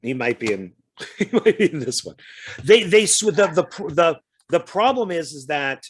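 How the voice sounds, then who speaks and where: A man's voice: fairly high pitch, very animated, normal speed, a little hiss or hum. A man co-hosting a casual film chat, chatty and hesitant, often stumbling over his words. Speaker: co-host.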